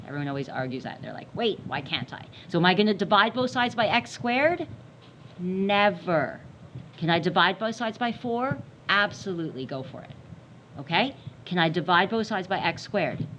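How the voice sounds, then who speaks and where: A woman's voice: on the low side, a bit bright. A woman math teacher giving a recorded lesson, repeating warnings emphatically in a playful way. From Canada. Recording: dull lo-fi sound with faint hiss.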